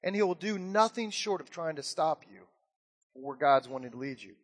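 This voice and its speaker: Pastor guy preaching, high voice, big hall echo, acts out his stories. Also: moderate pace. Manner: animated storytelling with acted-out quotes. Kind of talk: sermon.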